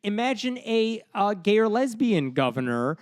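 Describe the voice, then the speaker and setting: Guy hosting a chatty podcast, kinda high voice, worked up and ranting, swears a lot. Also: moderate pace, clean tone, no room sound, clean studio sound. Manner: animated and indignant, with blunt swearing. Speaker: podcast host. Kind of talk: casual podcast discussion.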